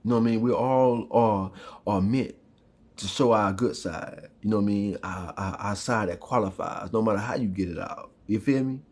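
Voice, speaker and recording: A man's voice: fairly low pitch, moderate pace, a little mellow. A man delivering a fiery, profane spiritual monologue in a rhythmic, repetitive way, often tossing in "huh?" and "you feel me?". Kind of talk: impassioned street preaching monologue.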